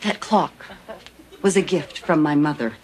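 An actress playing an exasperated sitcom wife, giving firm, clipped ultimatums. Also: female voice, deep voice, unhurried. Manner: stern, clipped, dry ultimatums. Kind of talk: 1980s sitcom acting. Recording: studio audience laughter, noisy.

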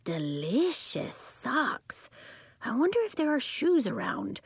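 A gluttonous goat-headed kitten girl, dreamy and savoring, as a woman reading a storybook puts her on. Her voice wanders widely in pitch, and the recording is dry and close. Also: wildly swooping pitch, slow pace, slightly rough, no room sound, full character voice. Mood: greedy.

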